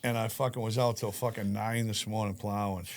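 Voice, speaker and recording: A man telling profane stories in a relaxed group chat. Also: lowish voice, brisk. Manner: profane, animated storyteller. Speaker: podcast guest. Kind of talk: casual storytelling chat.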